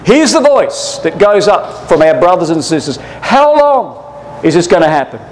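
High-voiced man preaching fervently. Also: big pitch swings, moderate pace, rough recording. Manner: fervent, building to urgent rhetorical questions; addresses listeners as brothers and sisters. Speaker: Bible class teacher. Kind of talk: preaching Bible study.

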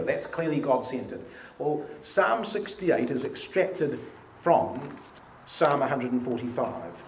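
A man's voice: mid-range voice, lively intonation, takes it slowly. A man leading a church study meeting, reading hymn and psalm lines aloud with emphasis. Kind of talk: informal Bible study talk. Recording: echoey room with faint hiss.

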